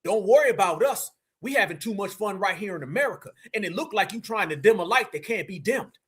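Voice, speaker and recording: High, bright-voiced brash Southern US man. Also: lively intonation, fast, slightly rough. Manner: brash, fired-up, preachy street slang. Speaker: livestream host. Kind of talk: live reaction commentary.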